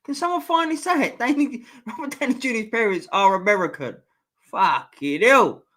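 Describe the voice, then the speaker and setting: A man's voice: very high voice, very animated, fast talker, fairly bright tone. A man hosting a casual live stream, reading viewer comments aloud and swearing freely as he chats. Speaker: livestream host reading chat.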